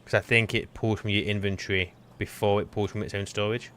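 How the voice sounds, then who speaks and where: A man's voice: fairly low pitch, level tone, a little fast, a bit bright. A man co-hosting a gaming stream, chatting casually in a hesitant, rambling way and often restarting his sentences. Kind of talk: casual chat while gaming.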